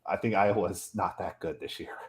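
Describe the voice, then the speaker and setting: A man's voice: low voice, moderate pace. Fired-up male sports co-host at home. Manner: passionate, fired-up fan. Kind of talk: casual sports chat. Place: home room.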